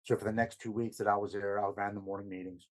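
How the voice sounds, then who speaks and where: A man with a fairly low voice, guesting on a podcast. He tells a story from his own life in a casual, earnest way, acting out what each person said and letting his voice sink quieter when it gets heavy. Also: level tone, fast. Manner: retells events with much quoted dialogue.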